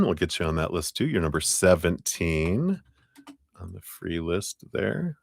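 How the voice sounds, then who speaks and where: A man's voice: low voice, very animated, a little slow, vocal fry, a little mellow, no echo, studio quality. A man hosting a live tarot stream, chatting casually with viewers and reading cards in a rambling way full of fillers and easy laughter. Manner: chatty and rambling, many "you know" fillers, laughs often. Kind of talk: casual livestream chat and card reading.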